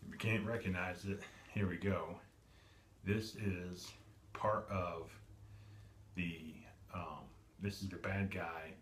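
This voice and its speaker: Low-voiced guy rambling through a toy unboxing, echoey room with audible hum. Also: slow pace. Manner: rambling, self-correcting, many ums. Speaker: toy collector vlogger. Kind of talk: casual unboxing narration. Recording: echoey room with steady background noise.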